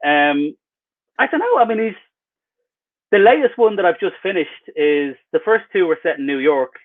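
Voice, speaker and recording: A man's voice: sits high, expressive, moderate pace. A man, an author, giving rambling, wry and self-mocking answers in a casual interview over a video call. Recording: tinny phone-like video call line.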